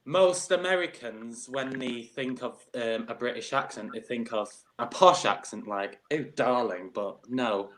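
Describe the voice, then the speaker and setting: A man's voice: medium pitch, a little slow, few pauses, fairly bright tone. Self-mocking Manchester-accented man. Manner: self-deprecating, giggly. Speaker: guest, drag queen. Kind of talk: casual chat.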